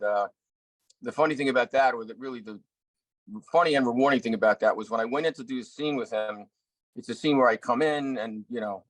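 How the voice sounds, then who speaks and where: A middle-aged actor and director telling a story in an interview, earnest, with many restarts. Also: male voice, medium pitch, a bit bright, no room sound, poor audio. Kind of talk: anecdotal interview talk.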